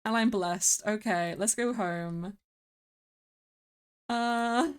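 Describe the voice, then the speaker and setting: Unhurried woman streaming a game. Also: medium pitch, clean tone. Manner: chatty, laughs often, thinks aloud.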